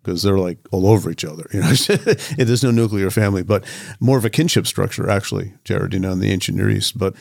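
A man's voice: low voice, brisk, vocal fry, darkish tone, no room sound, studio quality. A man co-hosting a podcast, chatting loosely and adding his own comments. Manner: conversational, loose, with many fillers. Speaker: podcast co-host. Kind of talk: casual interview talk.

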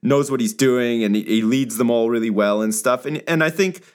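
A man's voice: medium pitch, moderate pace, clean tone. A man telling a rambling, profane story to his co-host in casual banter.

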